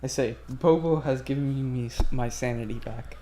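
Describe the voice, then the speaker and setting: A man's voice: mid-range voice, moderate pace, mellow. Hesitant man playing a tabletop game. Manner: hesitant, repeating words, laughs easily. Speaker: player.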